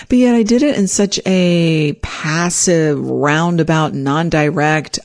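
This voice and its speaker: A woman shares a personal story with lively, theatrical energy. She acts out what she said with sudden jumps in pitch, then settles into a reflective, self-deprecating voice. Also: normal speed. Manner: animated, acts out her own quoted lines with big pitch jumps.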